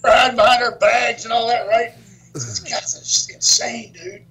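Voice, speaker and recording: An older man with a strikingly high voice spins a yarn as a podcast guest. He chuckles often and acts out what others said. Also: big pitch swings, normal speed, sharp tone, low-quality recording. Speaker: guest, former wrestler. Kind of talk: storytelling in a podcast interview.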